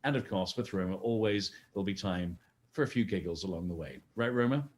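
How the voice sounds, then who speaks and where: A man's voice: deep voice, brisk. A man co-hosting a virtual fundraising gala, chatty and joking as he urges viewers to give. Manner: chatty, jokey, urging viewers to donate. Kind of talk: scripted event hosting with playful banter.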